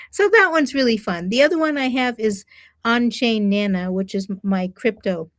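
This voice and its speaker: Higher-voiced woman asking questions. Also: animated, a little slow. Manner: short affirmations and curious questions. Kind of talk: casual conversation.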